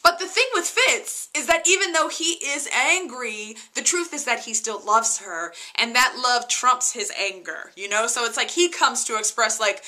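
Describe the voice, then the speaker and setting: A woman's voice: on the high side, expressive, normal speed, few pauses, pushed and bright. A woman giving a casual, gushing TV episode recap on her vlog, often addressing viewers as "you guys.". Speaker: TV episode reviewer.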